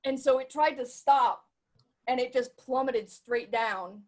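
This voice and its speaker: Rhode Island-accented woman, slightly high voice, wry and lively podcast storyteller. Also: unhurried. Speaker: podcast co-host. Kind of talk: casual chat.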